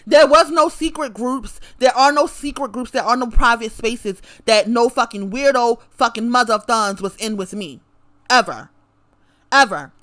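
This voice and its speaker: A woman with a high, sharp, bright voice rants straight to camera. She is confrontational and profane, and she hammers her points by repeating them. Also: normal speed, hardly any pauses. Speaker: vlogger. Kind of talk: direct-to-camera rant.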